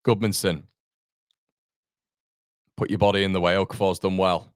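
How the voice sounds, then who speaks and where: A man's voice: deep voice, steady tone, moderate pace, long pauses, clean tone, no echo, studio quality. A man hosting a fan watchalong, calling the match live play by play and answering viewer chat, with partisan exasperation. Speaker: fan channel host.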